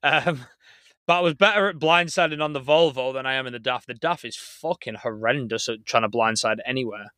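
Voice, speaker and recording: A man's voice: medium pitch, fairly quick, bright, forceful tone, dry recording, studio quality. A man, a podcast guest in casual chat, blunt and sweary, laughing along with the host.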